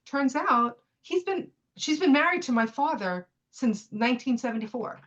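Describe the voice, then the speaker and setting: A woman in her fifties who is a podcast guest, telling a personal story in a lively way and acting out the dialogue with "I go" and "she goes" quotes. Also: sits high, normal speed, muffled recording. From New York City. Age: 50s. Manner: chatty, with frequent fillers and restarts.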